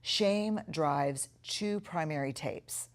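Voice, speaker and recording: A course instructor, a middle-aged woman with a strikingly low voice, teaches a recorded lesson earnestly and thoughtfully, drawing out important words in slow, emphatic stretches.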